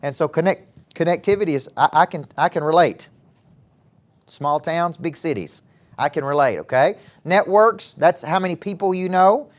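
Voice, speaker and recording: A man's voice: fairly high pitch, normal speed. Southern man coaching a room of kids. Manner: animated, asks the audience questions. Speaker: motivational speaker and former coach. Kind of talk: live talk to a youth audience. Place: event hall with a live audience.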